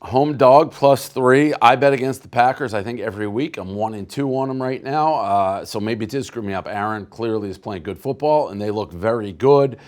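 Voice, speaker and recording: A man in comic sports betting banter, measured as he reasons through his pick. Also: medium pitch.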